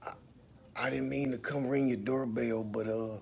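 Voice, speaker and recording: A man's voice: mid-range voice, steady tone, moderate pace, gravelly, a little mellow, slight background noise, natural voice. A man quoting a nervous young male fan in a stammering, hesitant way during a story told on a phone livestream.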